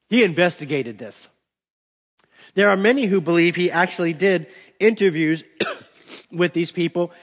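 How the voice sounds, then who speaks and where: A male pastor preaching a sermon in an emphatic, conversational way, recorded dull with long hall reverb. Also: a little high.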